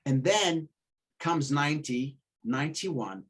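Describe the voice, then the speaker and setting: A middle-aged man telling stories in casual chat, animated, acting out the voices of the people he quotes and swearing freely. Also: fairly high pitch, slow, husky. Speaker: podcast guest telling stories.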